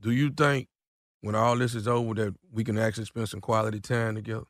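A man's voice: on the low side, steady tone, quick pace, dry recording, studio quality. Laid-back slangy man making a prank call. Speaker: radio prank caller.

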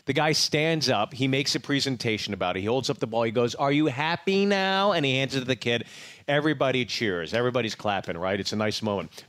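A comedian from Pittsburgh in his forties, telling lively sports stories in a casual chat. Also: medium pitch, fast talker, no room sound. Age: 40s. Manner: lively anecdotes, acts out crowd chants. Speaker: comedian guest.

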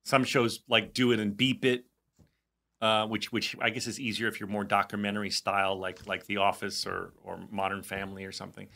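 Bright-voiced joking male co-host. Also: fairly low pitch, level tone, a little fast, gravelly. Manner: rambling, joking, thinks aloud with fillers. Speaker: podcast co-host. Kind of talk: casual chat.

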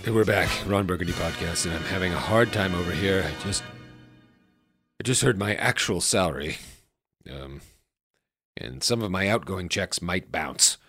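A man's voice: low-pitched, normal speed, pauses often, a bit bright, slightly rough, faint music behind, full character voice. A man playing a vain, pompous anchorman hosting a comedy podcast, prone to melodramatic panic. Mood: rattled. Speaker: podcast host.

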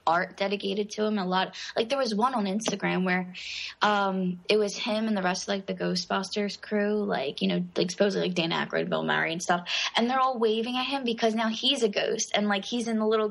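A woman in casual podcast chat, speaking at a middle pitch. She rambles and hesitates, circling back with fillers as she searches for words. Her delivery is relaxed and conversational. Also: creaky.

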